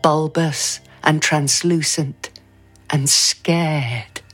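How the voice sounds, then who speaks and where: A woman's voice: sits low, fairly even intonation, drawn-out words, a bit bright, slightly rough, faint music behind, exaggerated voice. A woman actor delivering a scripted first-person dramatic monologue in an intimate, brooding way.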